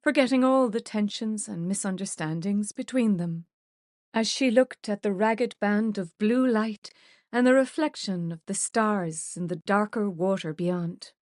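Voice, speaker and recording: A woman with a mid-range voice narrates scripted audiobook material in an even, measured manner. It's a dry recording with clean studio sound.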